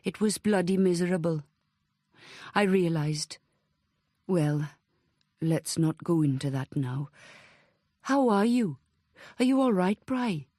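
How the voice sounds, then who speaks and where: A woman reading the lines of an earnest, eager adult man who talks in hurried, halting phrases. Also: high voice, lively intonation, a little mellow, no room sound, studio quality.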